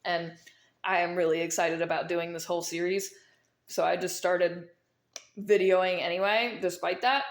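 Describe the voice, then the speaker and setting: A woman talking straight to camera, explaining things emphatically and repeating her key points, with a mint in her mouth. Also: on the high side. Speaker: vlogger explaining dream omens. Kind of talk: casual instructional monologue. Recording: echoey room.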